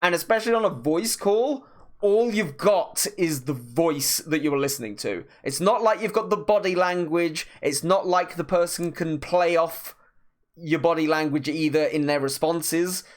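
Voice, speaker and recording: A man streaming his artwork, chatting casually and talking slowly with deliberate pauses. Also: a little high. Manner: rambling, many restarts. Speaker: art streamer. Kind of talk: casual chat while painting on stream.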